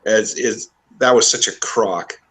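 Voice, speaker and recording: A man's voice: lowish voice, unhurried, fairly bright tone. A man co-hosting a casual podcast discussion, blunt and indignant.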